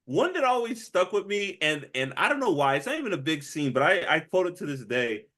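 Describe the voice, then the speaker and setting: A man's voice: on the high side, fairly quick. A man co-hosting a movie podcast, chatting casually and acting out quotes with frequent laughter. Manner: animated, laughs often, acts out movie quotes. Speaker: podcast co-host. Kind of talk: casual movie review chat.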